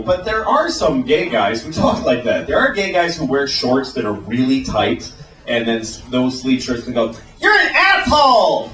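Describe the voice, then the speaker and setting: An American man doing a stand-up comedy set, animated and shouting his punchlines. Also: mid-range voice. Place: comedy stage before a live audience. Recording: roomy live venue recording from a distance. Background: audience laughter.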